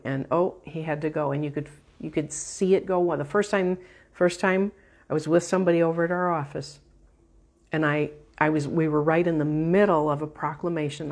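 A woman minister delivers a teaching sermon with a somewhat low voice. She is emphatic and directive, guiding her listeners through a prayer, with quick runs of words broken by slow, stressed lines. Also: a little mellow. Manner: uneven pace, quick bursts and slow stresses.

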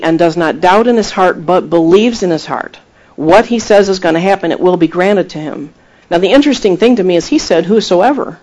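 A man preaching a sermon, retelling scripture with emphatic, animated delivery and acted-out quotes. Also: high voice, moderate pace, low-quality recording. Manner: animated storytelling, acting out quoted voices; emphatic, rising to exhortation.

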